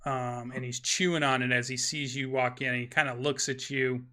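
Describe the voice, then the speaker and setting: A man's voice: mid-range voice, little pitch movement, normal speed, bright, forceful tone. A man narrating a tabletop game as game master, rambling and hesitant with many fillers. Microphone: streaming microphone.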